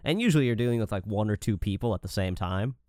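A man co-hosting a podcast in casual chat, animated and profane, acting out quotes as he talks about directing. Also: fairly low pitch, fast, no echo, clean studio sound. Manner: animated, swears a lot, acts out quotes.

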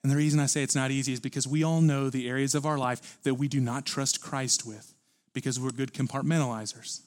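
A man preaching a sermon at a church service, earnest and building to forceful emphasis. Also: medium pitch, fairly even intonation, a little fast. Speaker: pastor.

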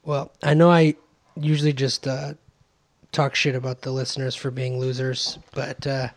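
A man's voice: mid-range voice, flat delivery, normal speed. A man co-hosting a podcast in casual chat, sardonic and rambling, with many fillers and restarts. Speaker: podcast co-host.

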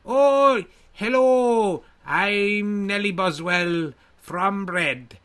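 A man playing a showy impressionist character who shouts exaggerated celebrity impressions. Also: high-pitched, drawn-out words, clear, resonant tone, voice pushed up, full character voice. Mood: camp. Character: impressionist version of the host, male, showy.

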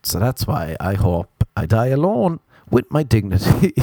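A man's voice: mid-range voice, big pitch swings, a little slow, hardly any pauses, a little mellow, no echo. A young Irish man doing a rambling, sarcastic, self-mocking comedic monologue. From Ireland.

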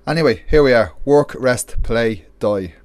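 A man's voice: mid-range voice, expressive, a little slow, a little mellow. A man hosting a music show, introducing a track in an enthusiastic, loose, chatty way. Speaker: radio show host. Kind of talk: casual song introduction.

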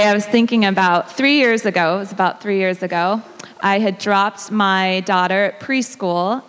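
A woman in her thirties shares a personal story as part of a sermon, speaking in a casual, conversational way. She laughs easily between lines, her voice at an ordinary middle pitch. The sound carries the long reverb of a large church hall. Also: fairly bright tone, clear, resonant tone. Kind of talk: sermon testimony.

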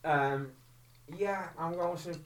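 A man's voice: fairly high pitch, slow. A man arguing about films in a casual chat, dry and contrary. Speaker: co-host. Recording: roomy, distant mic with faint hum.

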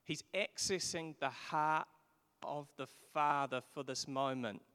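A man delivering a sermon as pastor, earnest, with occasional pauses and rising emphatic peaks. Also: a little high, pushed and bright, clear, resonant tone. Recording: long hall reverb.

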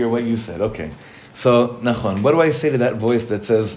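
A man's voice: medium pitch, animated, very fast, darkish tone, slight background noise. A man, a rabbi, teaching a casual Torah class in a conversational way, asking the group questions and mixing in Hebrew terms.

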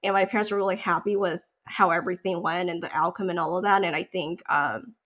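A woman's voice: fairly low pitch, fast. Chatty woman telling a story. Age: 30s. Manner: animated storytelling, many likes and you-knows. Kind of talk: casual chat.

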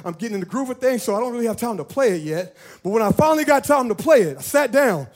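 High-voiced animated male pastor. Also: quick pace. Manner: animated, playful, talks to the congregation. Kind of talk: lively sermon. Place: church.

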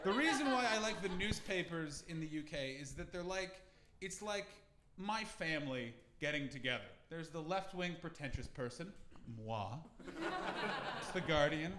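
A Canadian man performing a stand-up comedy set in a club, animated and slipping into mocking character voices. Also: a little high, normal speed, slight background noise. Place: comedy club with a live audience. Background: audience laughter.

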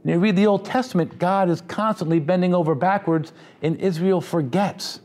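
A man's voice: sits high, brisk, darkish tone. A man preaching a sermon in a conversational, humorous style, with asides to the congregation. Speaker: pastor.

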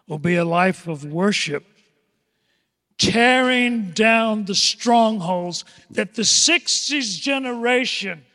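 Older male pastor, high voice, dramatic sermon delivery, loud-to-hushed swings. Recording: long echoing hall reverb.

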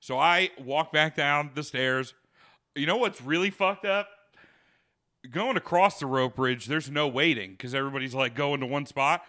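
A man's voice: fairly high pitch, moderate pace. A man telling a funny story to friends in casual chat, acting out quotes with laughter and swearing. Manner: animated, acts out quotes, laughs often, swears. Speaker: podcast host telling a story.

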